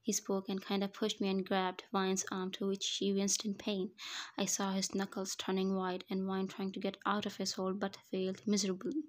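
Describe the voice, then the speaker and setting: Flat-voiced woman reading fan fiction. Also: mid-range voice, moderate pace. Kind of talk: first-person story narration.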